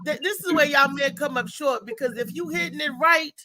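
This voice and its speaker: A high, bright-voiced woman hosts a live chat show and tells her stories with plenty of animation. She slips into playful imitations and laughs easily as she talks. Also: a little fast, a little hiss or hum. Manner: animated storyteller, mimics voices, laughs often. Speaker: host.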